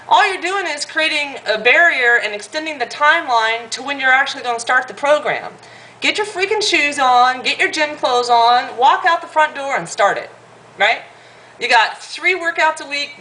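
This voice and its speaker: A woman in her thirties talks straight to the camera in a casual vlog, blunt and fired up, swearing freely. Her voice sits a little high and sounds bright and forceful. A faint hiss runs under the recording. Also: poor audio. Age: 30s. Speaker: vlogger.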